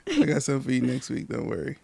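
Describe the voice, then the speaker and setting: A man with an African accent chatting in a relaxed, low-key way on a podcast. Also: rapid-fire, vocal fry, slightly rough, no echo. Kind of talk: casual chat.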